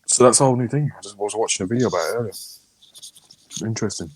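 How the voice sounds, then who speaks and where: A man co-hosting a casual podcast, chatting with animated energy and plenty of swearing. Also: fairly low pitch, rapid-fire, slight background noise. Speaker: podcast co-host. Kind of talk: casual banter.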